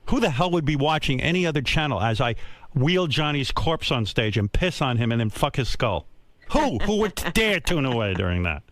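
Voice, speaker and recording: An older man hosting a radio show, telling a crude comic story with brash boasting and quick mocking voices. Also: mid-range voice, big pitch swings, a bit bright, no echo. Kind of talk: crude comedic radio banter. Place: radio studio.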